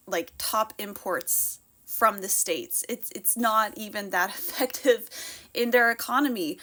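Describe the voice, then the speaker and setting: A woman's voice: medium pitch, a bit bright. A woman from Canada giving scripted political commentary at home, sarcastic and exasperated, close to the mic.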